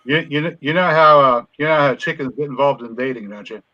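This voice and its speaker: A man's voice: medium pitch, fast, no room sound, highs cut off. A man in casual live chat, explaining things step by step with a dry sense of humor.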